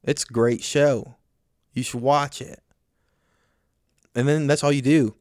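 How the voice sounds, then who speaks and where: A man's voice: medium pitch, little pitch movement, moderate pace, a little mellow, smooth, no room sound. A male comedian talks alone into the mic in a loose, rambling monologue full of swearing and self-mockery. He keeps circling back to his own point and correcting himself as he goes. The recording is dry and close. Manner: rambling, profane, self-mocking. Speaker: podcast host and comedian.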